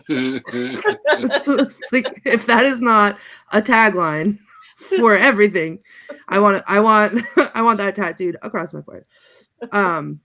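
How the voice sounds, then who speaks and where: A woman chatting on a panel, her voice sitting at an ordinary middle height. She talks in a halting, giggly way, filling gaps with ums and uhs as she works through her notes. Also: mid-range voice, expressive, pushed and bright. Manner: chatty, halting, reads out movie quotes with giggles and many ums. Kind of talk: casual chat.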